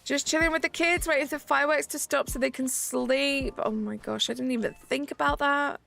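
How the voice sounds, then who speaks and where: A woman's voice: sits high, fairly quick, creaky. A woman in her thirties hosting a gaming livestream, chatting casually and rambling with lots of fillers. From United Kingdom. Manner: relaxed, rambling, many "like" fillers. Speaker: livestream host. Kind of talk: casual chat while gaming, reading chat. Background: faint background music.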